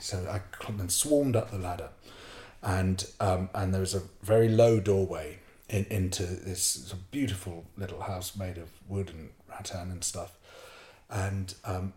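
Middle-aged guy telling a story, lots of ums, gets animated, lowish voice, echoey room. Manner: animated, hesitant with many ums, acts out his own panic. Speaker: podcast guest storyteller. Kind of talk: casual spoken storytelling.

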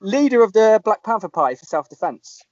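A man, chatting casually as a podcast host and telling animated anecdotes. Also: sits high, fairly quick, dry recording. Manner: lively storyteller, puts on voices in anecdotes. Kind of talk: casual chat. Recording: dull lo-fi sound.

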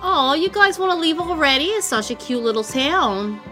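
A woman narrates and plays a chatty diner owner in a tabletop game. Her voice is high and bright with a crisp edge. She talks in a folksy, gossipy way. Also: expressive, moderate pace, soft background music. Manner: chatty, folksy small-town diner talk. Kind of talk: in-character tabletop role-play.

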